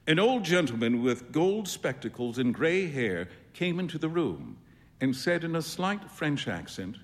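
A man reading a classic short story aloud on stage, in an expressive storytelling manner. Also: medium pitch, unhurried, in a large hall. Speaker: performer.

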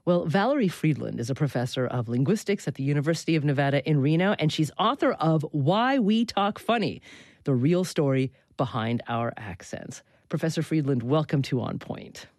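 A woman hosting a public radio talk show, articulate and measured, introducing callers and a guest. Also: sits low, lively intonation, a little mellow, no room sound, clean studio sound. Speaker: radio host.

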